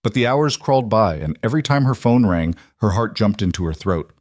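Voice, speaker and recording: A man narrating a dark romance story in a measured, dramatic way. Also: fairly low pitch, expressive, dry recording, studio quality. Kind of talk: scripted narration.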